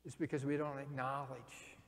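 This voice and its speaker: A man's voice: mid-range voice, level tone, normal speed. A man preaching a sermon in a church, telling a story and acting out the voices in it. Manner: storytelling, acts out quoted voices. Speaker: pastor. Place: church sanctuary. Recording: long reverb of a church hall.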